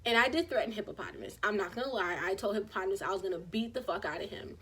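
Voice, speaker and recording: A woman in her twenties telling a story on her channel in a casual, animated way, acting out what other people said. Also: mid-range voice, racing, breathy edge. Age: 20s. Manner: animated, acts out quoted people. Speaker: vlogger.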